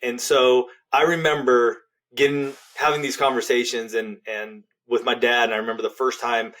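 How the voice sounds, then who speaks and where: A middle-aged man speaking as a podcast guest, sharing a personal story with real earnestness. His voice sits at an ordinary pitch, and he falls almost to a hush when the story turns tender. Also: level tone, normal speed. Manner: earnest, heartfelt, drops to a hush at tender moments. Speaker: podcast guest, relationship author.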